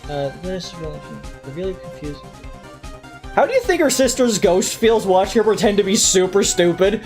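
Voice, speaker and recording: A woman streamer chats playfully with friends while reading a courtroom game aloud. Her pitch rises and dips in lively swings. Faint music plays underneath. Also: normal speed. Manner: playful, teasing. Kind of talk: casual game-stream chat and reading game text.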